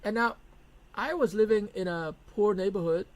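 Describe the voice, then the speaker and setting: A man's voice: sits high, moderate pace, rough recording. A middle-aged man teaching a business lesson in a blunt, emphatic way, repeating his key points. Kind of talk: lecture to camera.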